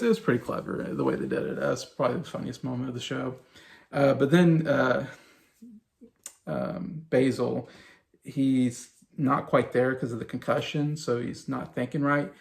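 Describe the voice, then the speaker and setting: Rambling man with a gravelly voice. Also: mid-range voice. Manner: rambling, many fillers and restarts. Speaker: show host reviewing a sitcom. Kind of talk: casual spoken review.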